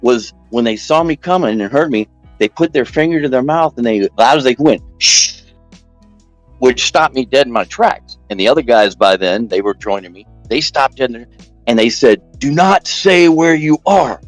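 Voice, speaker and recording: A man telling a long story in casual chat, rambling and animated, jumping up in pitch when he quotes people. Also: a little fast, dry recording, faint music behind, poor audio.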